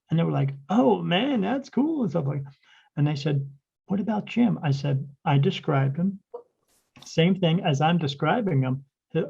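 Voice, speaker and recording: A man with a gravelly, husky voice, pitched a little high for a man, tells a rambling anecdote and acts out the back-and-forth dialogue. The sound is dull and lo-fi, like low-grade podcast audio. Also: warm tone. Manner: rambling anecdote full of quoted dialogue and restarts. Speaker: spirit medium, podcast guest. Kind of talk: casual storytelling in a podcast interview.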